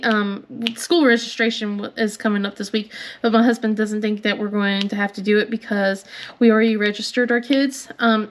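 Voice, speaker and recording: Crafting vlogger, woman, 30s; higher pitch, loose rambling chat, frequent giggles, slight cough. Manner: rambling, chatty, laughs often. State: coughing from bad air. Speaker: crafting channel host. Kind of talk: casual chat while crafting.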